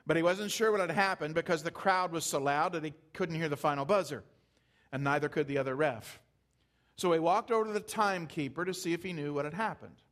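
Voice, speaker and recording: A man's voice: on the high side, a little fast, fairly bright tone. A man preaching a sermon, telling stories conversationally and building emphasis as he goes. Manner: conversational storytelling, rising emphasis. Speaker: pastor.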